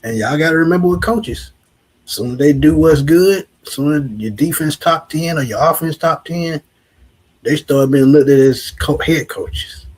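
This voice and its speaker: A man's voice: fairly high pitch, a little slow, darkish tone, husky, poor audio. A man, co-hosting a casual sports talk show and musing back on what he has seen. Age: 40s. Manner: reflective, repeats "like I said".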